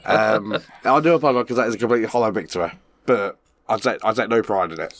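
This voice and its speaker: A man's voice: fairly low pitch, fast, creaky, a bit bright. A middle-aged man, co-hosting a casual podcast, laughing often and joking at his own expense. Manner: laughs a lot, self-deprecating, jokey. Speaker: podcast co-host. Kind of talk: casual banter. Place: garage.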